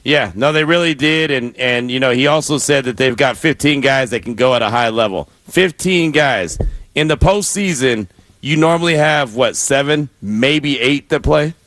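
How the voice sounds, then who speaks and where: A man hosting a sports radio talk show, reading listener messages and running segments with a smooth host delivery. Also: medium pitch, normal speed, fairly bright tone, no room sound. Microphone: studio mic.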